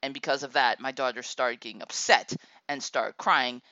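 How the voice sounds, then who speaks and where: A woman telling a comic story about her daughter, animated and exasperated, laughing often. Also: rumbling low, normal speed, no echo, dull audio.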